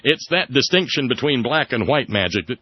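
A man hosting a satirical talk radio show, sarcastic, often jumping into high mocking tones. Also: expressive, fairly quick, slightly rough, dry recording. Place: radio studio. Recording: dull dry radio broadcast.

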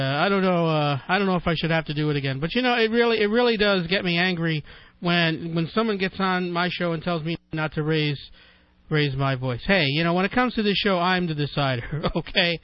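A man hosting his own talk radio show, blunt and emphatic as he rants at his listeners. His voice sits a little high for a man. The sound is muffled and dry, like an old radio broadcast. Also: dry recording. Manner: emphatic, blunt, ranting with repeated phrases.

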